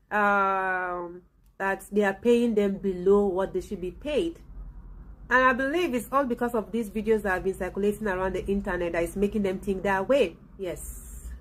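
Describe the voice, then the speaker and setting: A woman's voice: medium pitch, a bit bright. Chatty woman vlogger, repeating for emphasis. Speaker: vlog host. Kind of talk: casual commentary to camera.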